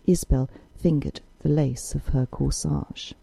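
Audiobook narrator, woman: low, dark and dry, lively intonation. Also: moderate pace, gravelly, slightly rough, no echo, rough recording. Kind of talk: scripted narration.

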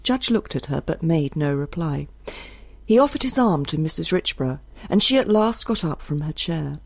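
A woman narrating an audiobook in a measured, expressive reading. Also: low voice, no echo.

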